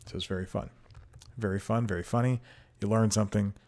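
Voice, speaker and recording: A man's voice: fairly low pitch, fairly even intonation, brisk, darkish tone. A man hosting his own podcast in a casual, rambling monologue, self-deprecating and laughing often, talking into a desk microphone at home. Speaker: podcast host. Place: home room with TV playing.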